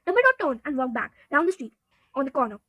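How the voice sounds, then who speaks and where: High-voiced woman reading a storybook. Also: fast, no echo, low-quality recording. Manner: steady reading, occasional stumbles. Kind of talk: storybook read-aloud narration.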